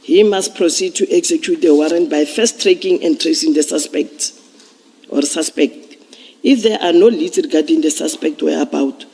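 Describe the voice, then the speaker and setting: A man testifying as a police officer at a commission hearing, explaining procedure in a measured way with some restarts. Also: a little high, vocal fry, dark tone, husky. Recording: long reverb of a large hearing room.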